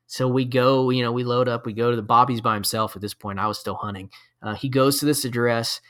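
A man's voice: medium pitch, steady tone, fast talker, a bit bright. A man who is a podcast guest, telling a long hunting story in a casual, rambling way with lots of fillers. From Florida.

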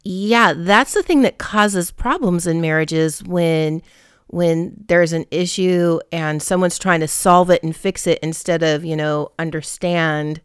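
A woman's voice: fairly low pitch, measured pace, clear, resonant tone, no echo, studio quality. A woman in a casual conversation, agreeing and thoughtfully building on the points being made.

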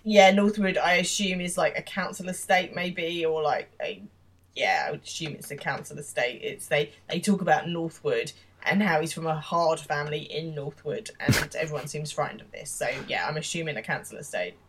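A woman's voice: deep voice, moderate pace, a little hiss or hum. A woman chatting through a TV episode on a casual podcast, hedging with fillers and laughing easily. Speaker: podcast co-host.

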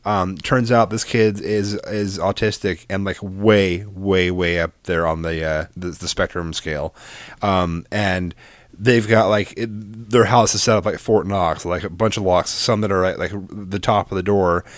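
Young guy podcast cohost, kinda low voice, rambles and swears a lot, dry sound. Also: steady tone, a little slow, no echo. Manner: rambling, profane storytelling with restarts. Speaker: podcast co-host. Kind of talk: casual chat.

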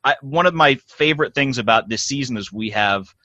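Man with a bright, dry voice. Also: mid-range voice, lively intonation, brisk, no room sound. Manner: rambling with many restarts and quoted asides. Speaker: podcast host. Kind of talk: casual behind-the-scenes chat.

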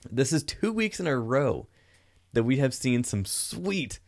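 A man co-hosting a podcast, chatting casually about a film in an animated, rambling way that corrects itself. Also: mid-range voice, a little slow. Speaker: podcast co-host. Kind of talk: casual movie review chat.

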